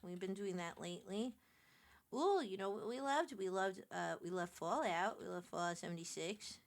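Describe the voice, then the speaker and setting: A woman with a New York accent, chatting casually with her stream viewers, animated and quick to laugh. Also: mid-range voice, creaky. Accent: New York City. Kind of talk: casual live-stream chat while picking a game.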